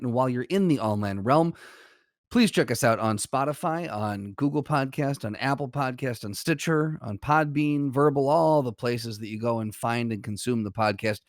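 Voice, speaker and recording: A man co-hosting a casual podcast, relaxed as he runs down a list of places to find the show. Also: medium pitch, no echo, clean studio sound. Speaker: podcast co-host.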